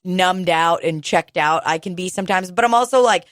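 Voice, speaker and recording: A woman's voice: on the low side, dry recording, clean studio sound. A young woman co-hosting a podcast, talking candidly and swearing in casual chat. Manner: candid, swearing, talks fast when quoting herself. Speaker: podcast co-host.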